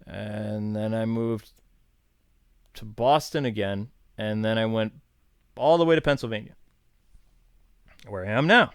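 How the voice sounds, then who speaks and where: A man's voice: fairly low pitch, measured pace, pauses often, clear, resonant tone, dry recording, studio quality. A man in his thirties from New York, hosting a casual live stream and chatting in a rambling, self-deprecating, jokey way. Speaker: streamer host.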